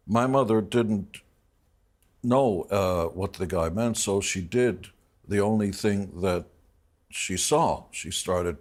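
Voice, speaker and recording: Deep husky man telling a personal story. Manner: reflective, halting, full of restarts. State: emotional. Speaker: interview guest.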